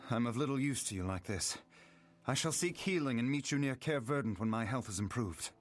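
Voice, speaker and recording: An actor voicing a wounded, earnest young elf hunter in a video game, speaking in a formal, determined way. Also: male voice, mid-range voice, animated, fairly quick, close to an everyday voice. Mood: weary resolve. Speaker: game character.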